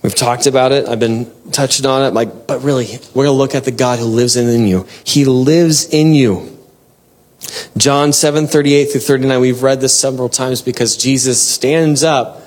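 A man preaching a devotional sermon and reading scripture, earnest and exhorting, with bursts of excitement and soft laughs. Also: medium pitch, fairly quick, hardly any pauses.

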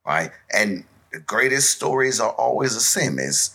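A man from West Africa, co-hosting a podcast in casual chat. His voice is husky and bright, and its pitch swings widely as he tells a tale. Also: unhurried. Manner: animated storyteller, acts out voices and sounds. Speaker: podcast co-host.

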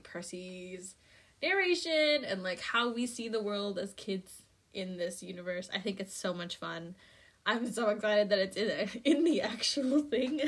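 A young adult woman hosting a casual book recap podcast, animated and chatty, laughing often and filling with "like.". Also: mid-range voice. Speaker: podcast host.

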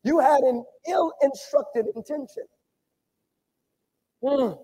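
A man preaching a sermon to his congregation, repeating phrases and swinging between loud calls and hushed asides. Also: very high-pitched, takes it slowly, slight background noise, low-quality recording. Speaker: pastor. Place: church sanctuary.

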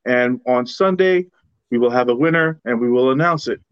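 A man's voice: medium pitch, moderate pace, clear, resonant tone, dry recording, dull audio. A man co-hosting a casual podcast, presenting comic books in a laid-back way and stumbling over names.

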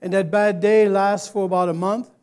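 A man preaching a sermon to a congregation, leading them in call-and-response and rising to loud exclamations. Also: high-pitched, fairly even intonation, normal speed. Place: church service.

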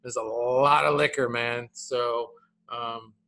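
A man in his thirties co-hosting a casual podcast, animated and repeating his words, tagging "man" onto his sentences. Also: medium pitch, slow pace. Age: 30s. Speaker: podcast co-host.

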